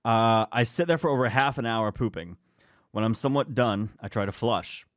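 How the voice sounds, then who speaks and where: A man's voice: mid-range voice, normal speed, no room sound, studio quality. Man casually reading stories aloud. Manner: laughs while reading, rambling asides. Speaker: podcast co-host reading stories.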